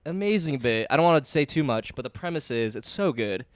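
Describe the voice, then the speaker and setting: A man's voice: medium pitch, lively intonation, a little fast, no room sound. A man in his early thirties co-hosting a casual comedy podcast, joking and self-mocking and laughing often. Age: 30s.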